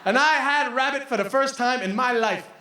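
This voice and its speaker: High-pitched, animated stand-up comedian man. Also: normal speed, noisy background. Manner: animated, laughing, crude. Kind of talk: stand-up storytelling. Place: comedy venue stage. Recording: roomy live venue from a distance.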